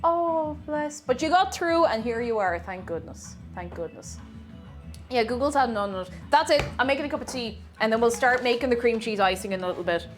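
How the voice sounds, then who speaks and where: A young woman with an Irish accent talks to her stream viewers from a home kitchen in a high, light voice. Her chat is loose and rambling, full of side comments and restarts. Soft music plays faintly in the background. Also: lively intonation, a little fast, few pauses. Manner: chatty, rambling with asides and self-corrections. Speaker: streamer baking live. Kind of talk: casual chat reading out viewer messages.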